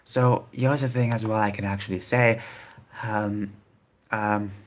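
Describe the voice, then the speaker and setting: Male vlogger, slightly low voice, rambling casual commentary, repeats himself. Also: steady tone, a little slow. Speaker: video host. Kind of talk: casual commentary reading online posts.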